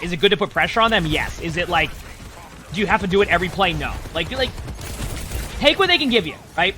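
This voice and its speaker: A male streamer with a high, strikingly bright and forceful voice, talking through a match in casual commentary. He is chatty, restarts and repeats words often, and leans on "like" as he coaches the player. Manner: chatty, repeats himself, many "like" fillers.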